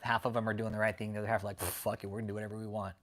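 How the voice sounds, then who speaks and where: A man's voice: lowish voice, level tone, rapid-fire, fairly bright tone. A man hosting a casual livestream, talking bluntly and profanely and greeting viewers in the chat. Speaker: livestream host.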